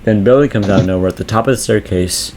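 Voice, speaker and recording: A man casually recapping a horror movie plot with a co-host, animated in his retelling. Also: fast, noisy background. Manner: animated retelling, acts out quotes in high voices. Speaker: movie reviewer.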